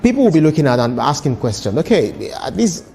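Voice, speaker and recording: Man, news broadcaster, formal commentary, measured, long reverb, faint noise. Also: fairly high pitch, big pitch swings, gravelly, dark tone. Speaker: news broadcaster in a played clip.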